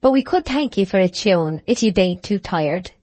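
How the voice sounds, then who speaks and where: A woman's voice: medium pitch, animated, moderate pace, a little mellow, dry recording, lightly acted. Woman reading as an easygoing, encouraging villager. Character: easygoing male village labourer. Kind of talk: audiobook character reading.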